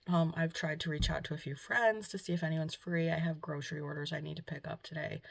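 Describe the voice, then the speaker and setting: Low, gravelly-voiced young woman, emotional. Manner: soft, hesitant, full of ums and trailing off. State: emotional, on the verge of tears. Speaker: vlogger. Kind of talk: casual confessional vlog talk. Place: at home, indoors.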